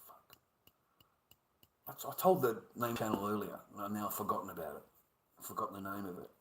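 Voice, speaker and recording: A man's voice: fairly low pitch, brisk, a bit bright, rough recording. A middle-aged man with an Australian accent, rambling through a profane livestream monologue and calling his viewers mate.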